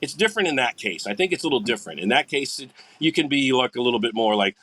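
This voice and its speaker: An older man, a guest musician, chatting on a podcast in a rambling, animated way. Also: mid-range voice, fast talker. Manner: rambling, animated, acts out quoted people. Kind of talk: casual podcast chat.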